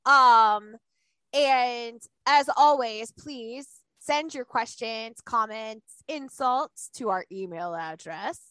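A woman hosting a podcast in casual chat, talking in a rambling, animated way full of fillers. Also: fairly high pitch, slow pace, clean tone, dry recording, poor audio. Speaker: podcast host.

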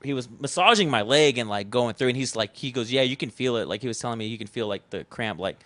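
Young guy on a podcast, rambling storyteller, mid-pitched, dry close sound. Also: lively intonation, fast talker, a bit bright, no echo. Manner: rambling storytelling, swears casually, acts out his own past lines. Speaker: podcast guest, festival founder. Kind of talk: casual chat.

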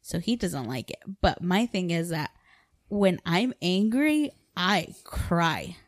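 A woman's voice: lowish voice, expressive, slow, no room sound, studio quality. A woman co-hosting a podcast, chatting casually in a blunt, outspoken way and swearing freely. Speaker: podcast co-host. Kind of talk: casual chat.

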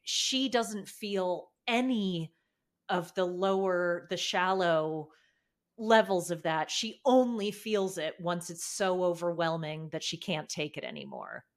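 Slow, thoughtful woman podcast guest. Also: fairly low pitch. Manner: measured, thoughtful, with fillers. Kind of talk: casual podcast chat.

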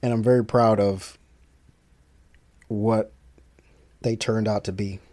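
A man's voice: on the low side, steady tone, slow pace, warm tone. A man who makes his own music talks to listeners in a casual solo monologue. He rambles, restarts his sentences and fills gaps with fillers. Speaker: independent musician hosting his own podcast.

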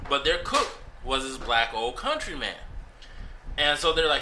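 A man in casual chat, telling a long funny story in a relaxed, laughing way. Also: medium pitch, brisk, noisy background. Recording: echoey room.

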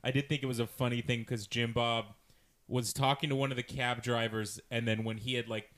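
A man's voice: medium pitch, steady tone, brisk, fairly bright tone. A man with a mid-range voice co-hosting a podcast. He chats casually about a TV show, dropping dry, wry asides in between. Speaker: podcast co-host. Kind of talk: casual chat recapping a TV show.

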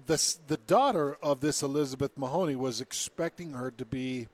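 A man's voice: mid-range voice, normal speed. Man telling a story on talk radio. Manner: storytelling, reads quotes in a put-on British accent. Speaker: radio show host. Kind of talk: casual radio banter, reading a news story.

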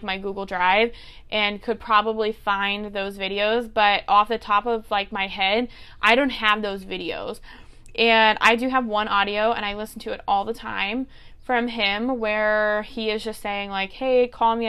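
Podcast host, woman in her twenties, smooth clear voice, earnest and chatty. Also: mid-range voice, bright, forceful tone. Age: 20s. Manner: earnest, advice-giving, with fillers like "like" and "okay". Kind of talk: casual solo podcast talk.

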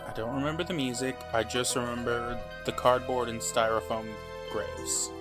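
A man's voice: medium pitch, steady tone, moderate pace, music in the background. A man co-hosting a podcast, chatting casually with wry, mocking jokes and frequent laughs. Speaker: podcast co-host. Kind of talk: casual chat.

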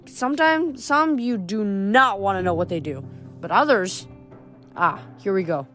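A woman's voice: medium pitch, fairly bright tone, soft background music, lightly acted. A woman voicing a wisecracking, jumpy teenage boy mechanic in a read-aloud storybook. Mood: joking. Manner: joking, fast-talking.

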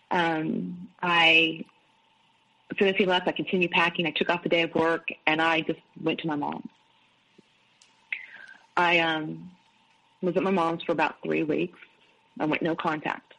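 A middle-aged woman with a low-pitched, gravelly voice and a fairly bright tone is interviewed as a guest. She candidly narrates personal events, quoting the words of others. The recording is of low quality.

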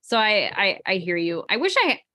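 A woman's voice: medium pitch, big pitch swings, normal speed, bright, forceful tone. A woman hosting a podcast in casual chat, rambling and laughing as she talks. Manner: chatty, rambling, laughs often. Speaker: podcast host.

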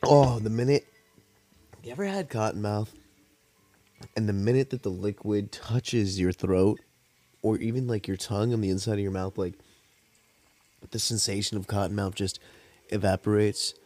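A young man hosting a podcast, telling stories in a rambling, laid-back, profane way while high, with cotton mouth. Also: moderate pace, pauses often, mellow. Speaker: podcast host. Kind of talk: casual storytelling monologue.

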